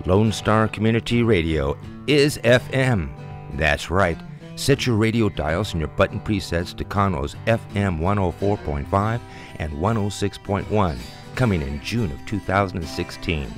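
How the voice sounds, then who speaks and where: Low-voiced male radio announcer. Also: expressive, normal speed, over music. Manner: smooth read promotional delivery. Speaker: station announcer. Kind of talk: scripted radio promo.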